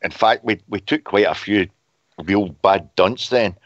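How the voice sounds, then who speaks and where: A man on a casual fan show, giggly and lively. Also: on the low side, measured pace, no room sound. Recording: dry lo-fi sound.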